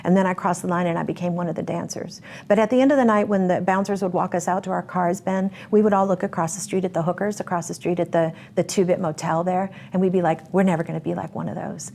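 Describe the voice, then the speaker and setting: A woman recounts her past in a sit-down interview, her voice sitting low for a woman. She speaks emphatically, acting out what others said and repeating words to drive a point home. A faint noise hums behind her. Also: steady tone, quick pace, hardly any pauses, a little mellow. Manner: emphatic, acts out quoted speech, repeats words for effect. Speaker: interviewee telling her life story. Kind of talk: personal testimony in a sit-down interview.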